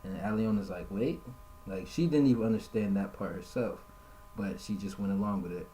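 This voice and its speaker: A man with a low, dark, mellow voice gives casual live-stream commentary, reading messages aloud and raising his pitch for the quoted lines. A faint hum sits under the recording from his home setup. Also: normal speed, poor audio. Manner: conversational, reads quotes aloud in a higher voice.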